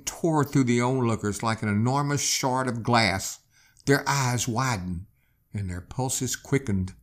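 Male host, slow dramatic history storyteller. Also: medium pitch. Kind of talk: storytelling narration.

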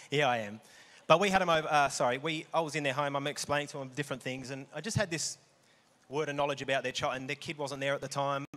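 A man's voice: mid-range voice, sharp tone. A man giving an earnest, upfront testimony at church about his work as a salesperson. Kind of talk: telling a testimony. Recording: echoey hall.

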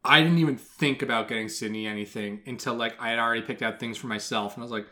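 A man's voice: mid-range voice, steady tone, quick pace, pushed and bright. A young man co-hosting a podcast, telling rambling anecdotes in casual chat. He swears freely and laughs often. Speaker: podcast co-host.

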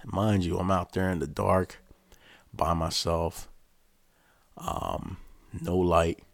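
A man's voice: sits low, fairly even intonation, slow, vocal fry, no room sound. A man hosting a podcast, telling a story in a casual, rambling way full of swearing. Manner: profane, rambling. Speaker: podcast host.

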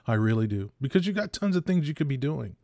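Man, 50s, podcast host, ranting monologue, middle pitch, dry close sound. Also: big pitch swings, fast, vocal fry, mellow, dry recording. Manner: impassioned, ranting, repeats points for emphasis.

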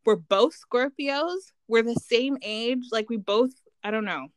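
A woman's voice: fairly high pitch, unhurried, smooth, no echo. A woman in her thirties who grew up in Canada, chatting casually as a podcast co-host and telling stories animatedly. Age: 30s. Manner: animated storytelling, acts out quoted voices, laughs often. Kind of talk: casual chat.

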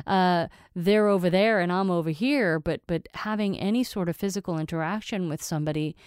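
A woman's voice: lowish voice, a little mellow, clear, resonant tone, no room sound, clean studio sound. A middle-aged woman hosting a casual solo monologue, candid and playful, with chatty asides.

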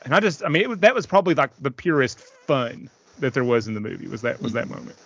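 A man's voice: mid-range voice, big pitch swings, fast, creaky, fairly bright tone, breathy edge, dry recording. A man co-hosting a casual movie podcast, rambling and laughing often as he talks. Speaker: podcast co-host. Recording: dry, muffled lo-fi sound.

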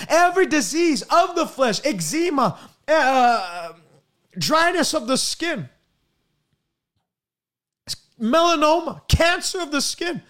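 High-voiced fervent male preacher. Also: fairly bright tone. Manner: fervent, declaring in repeated lists. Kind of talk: sermon and healing prayer.

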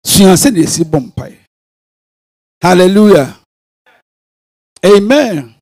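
A man with a Ghanaian accent preaching a sermon, swinging from quiet musing to sudden shouted bursts. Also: sits high, lively intonation, slow, pauses often. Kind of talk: sermon mixing Twi and English.

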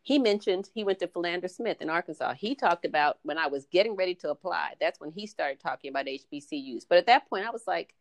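A woman's voice: fairly low pitch, expressive, quick pace, few pauses, dry recording. A middle-aged woman, a podcast guest, telling stories in a casual chat and acting out the lines of people she quotes. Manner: storytelling, acts out quoted dialogue.

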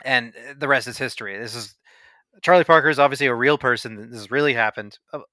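A man hosting a casual podcast discussion, retelling scenes with animated delivery and frequent laughs. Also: mid-range voice, fast, dry recording, studio quality. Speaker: podcast host.

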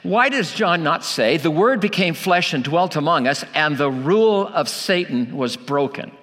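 A man's voice: on the high side, animated, moderate pace, a bit bright, long reverb tail. A man preaching a sermon, emphatic, asking rhetorical questions and repeating key lines for weight.

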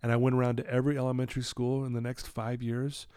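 A middle-aged man, a podcast guest telling his story in an animated way and acting out his own quoted lines. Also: mid-range voice, quick pace, clean tone, no echo, clean studio sound. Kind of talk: storytelling in a conversational interview.

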